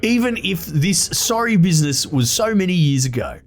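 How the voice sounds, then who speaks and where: A man's voice: high voice, sing-song, normal speed, a little hiss or hum, voice pushed up. A man voicing a shrewd, jovial male merchant with a predatory grin, in a broad, folksy put-on accent, talking in a chummy drawl.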